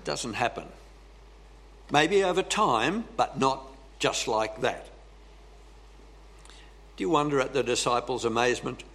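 A man preaching a sermon slowly and deliberately, pausing for emphasis and clearing his throat often. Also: mid-range voice, a bit bright. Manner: slow, deliberate preaching with dramatic pauses.

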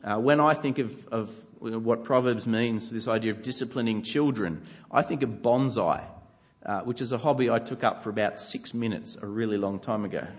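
Earnest preacher, conversational delivery, slightly dull lo-fi sound. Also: male voice, medium pitch, moderate pace. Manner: earnest, conversational with light self-deprecating humor. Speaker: pastor. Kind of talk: sermon.

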